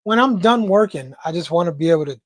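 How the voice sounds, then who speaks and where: A man with an American accent hosting a casual livestream chat, joking around and reading viewer comments aloud in a quick, loose way. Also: sits high, expressive, dry recording. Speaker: livestream host.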